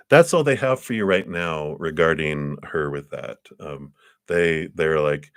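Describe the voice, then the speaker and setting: A man's voice: extremely low pitch, slow pace, long pauses, dry recording, clean studio sound. A man giving a casual live-stream tarot reading, chatty and rambling, often laughing. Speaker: tarot card reader.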